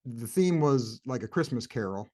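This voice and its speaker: A man's voice: mid-range voice, expressive, normal speed, darkish tone. Guy on a podcast, chatty and easygoing, voice goes up and down a lot as he talks. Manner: easygoing, chatty, rambles while recalling. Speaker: podcast guest. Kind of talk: casual movie preview chat.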